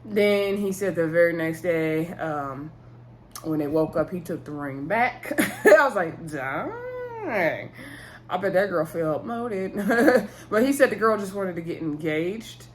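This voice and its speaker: A chatty, opinionated woman with a fairly low voice talks through a reality show episode in a casual recap. She retells scenes in her own words and adds her own take. A faint hiss sits under her voice. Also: unhurried.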